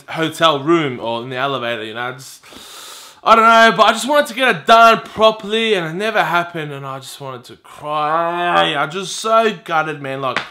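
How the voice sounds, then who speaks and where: A man in his twenties telling a personal story to camera in a casual, animated way, acting out the exchanges he describes. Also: fairly high pitch. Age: 20s. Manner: animated, exasperated, acts out quoted exchanges.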